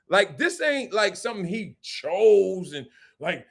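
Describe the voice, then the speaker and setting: A man hosting a live-streamed sports and culture talk show, reacting to a clip in an animated, slangy way and laughing often. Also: high voice, takes it slowly, creaky, husky. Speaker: host.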